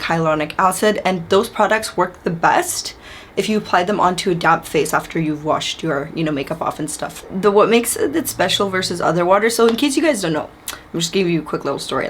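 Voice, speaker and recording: A woman's voice: fairly low pitch, a little hiss or hum. A woman from Canada chatting casually to camera as a beauty vlogger, friendly and full of fillers, in her room.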